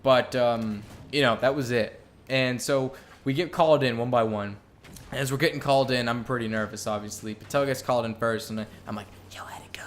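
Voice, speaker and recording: A man's voice: mid-range voice, steady tone, fairly quick, a little hiss or hum. A young man telling a story in a casual vlog, candid and rambling, with lots of swearing and filler words. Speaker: vlogger.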